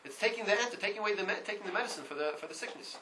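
A man giving a Torah class, reading Hebrew lines aloud and translating them, in an animated way that repeats words. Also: high voice, racing, slight background noise, rough recording. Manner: reads Hebrew text and translates line by line. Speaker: Torah teacher.

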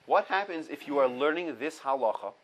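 A man's voice: fairly high pitch, animated, a little fast, poor audio. A man teaching an informal halacha class, reading Hebrew sources and explaining them in English step by step. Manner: explains step by step, repeats key points, mixes Hebrew quotes with English. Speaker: Torah teacher.

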